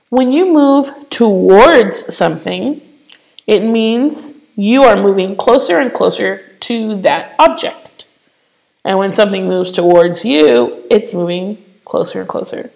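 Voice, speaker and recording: A woman's voice: medium pitch, gravelly, a little mellow, poor audio. A woman teaching English to children in an online lesson, explaining patiently with playful asides.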